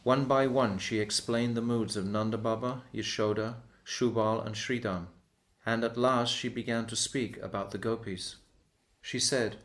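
A man reading a devotional story aloud in a measured, reverent manner. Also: on the low side, fairly even intonation, a bit bright.

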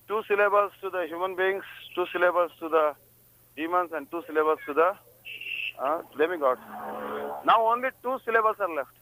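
A man's voice: sits high, pushed and bright, no room sound, rough recording. A man giving a spiritual discourse, telling stories and often checking in with listeners with a questioning "hmm?". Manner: storytelling, frequent "hmm?" prompts to listeners. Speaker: religious speaker. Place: on a pilgrimage journey.

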